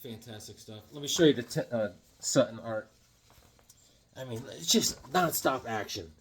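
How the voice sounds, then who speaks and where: A man's voice: medium pitch, moderate pace, slightly rough. A middle-aged man chatting casually and enthusiastically as he shows off his comic book pickups, cracking jokes along the way. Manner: enthusiastic, excitable, joking. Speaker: comic collector vlogger. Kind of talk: casual chat showing comics.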